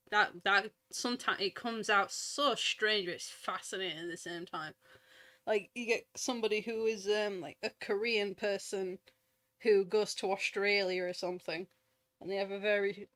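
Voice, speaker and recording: A woman's voice: mid-range voice, bright, forceful tone. A woman with a Yorkshire accent, chatting and teasing her partner on a casual live stream.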